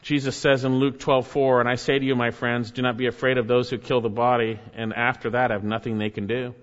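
A man's voice: little pitch movement, fairly quick. Preaching man in a reverberant hall. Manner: earnest preaching, dropping low and soft for emphasis. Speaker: pastor. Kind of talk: sermon. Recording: dull sound with long hall reverb.

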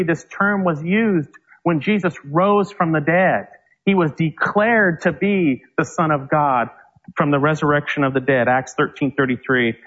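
A male preacher giving a Bible teaching sermon, reading scripture slowly and with emphasis. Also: fairly high pitch, a bit bright, highs cut off. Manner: slow, emphatic verse reading.

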